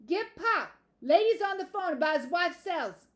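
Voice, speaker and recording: A woman voicing an impatient young boy who is yelling for his father. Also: extremely high pitch, sing-song, moderate pace, pitched above the performer's own voice, heavily acted. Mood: insistent. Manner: shouting.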